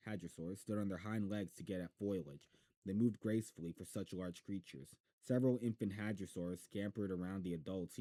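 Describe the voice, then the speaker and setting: Deep-voiced man reading a novel aloud. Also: dark tone, no echo. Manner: stumbles and restarts, chats with listeners between passages. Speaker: amateur reader of a novel. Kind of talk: casual live read-aloud.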